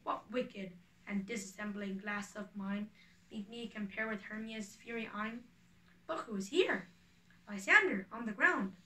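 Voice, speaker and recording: A woman's voice: mid-range voice, a little slow, sharp tone, roomy sound, recorded from a distance, low-quality recording. A woman reading the part of a lovesick, spurned young woman aloud, in earnest verse, a little away from the microphone. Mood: pleading.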